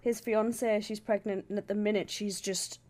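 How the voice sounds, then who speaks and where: A woman's voice: mid-range voice, level tone, normal speed, a little mellow, a little hiss or hum. A young woman co-hosting a student radio show, chiming in with a giggly manner. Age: young adult. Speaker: radio co-host. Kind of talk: casual chat.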